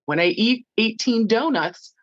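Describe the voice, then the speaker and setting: Blunt, profane woman with a deep voice. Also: animated, measured pace, no echo, lo-fi sound. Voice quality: deep, low voice. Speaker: medium and guest. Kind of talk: casual chat.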